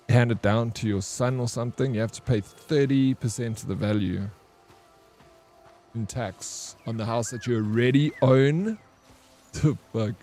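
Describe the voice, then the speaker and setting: A man's voice: on the low side, dark tone. Chatty, laid-back man streaming a game. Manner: chatty, swears casually, calls viewers bro; reacts to chat messages. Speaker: gaming streamer. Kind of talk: casual gaming commentary.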